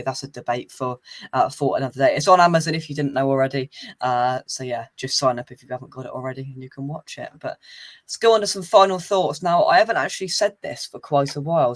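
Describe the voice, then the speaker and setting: A chatty English man hosts a casual football preview. His voice sits a little higher than most men's, and he teases his guests and laughs easily. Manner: chatty, laughs often, teasing. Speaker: host of a fan podcast.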